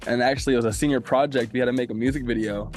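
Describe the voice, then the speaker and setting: Relaxed young male guest in his twenties. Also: mid-range voice, racing, soft background music. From Minnesota, USA. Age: 20s. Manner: relaxed, conversational storyteller. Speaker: guest, video producer. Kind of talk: casual interview storytelling.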